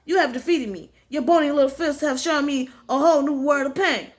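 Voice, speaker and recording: A woman's voice: high voice, a little fast, close to an everyday voice. A woman reading aloud and voicing a theatrical male superhero who speaks in grand, formal phrases. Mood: grandiose.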